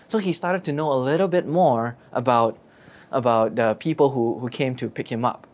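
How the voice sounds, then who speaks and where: A storyteller retelling a Bible story in a lively way, asking rhetorical questions. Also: mid-range voice, normal speed. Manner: lively, asks rhetorical questions, acts out quotes.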